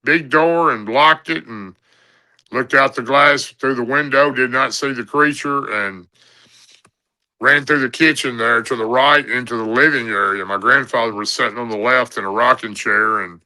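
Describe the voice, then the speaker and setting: A man's voice: medium pitch, moderate pace, bright, forceful tone, low-quality recording. A middle-aged man, telling a story as a guest on a radio show. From Tennessee. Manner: plain-spoken storyteller.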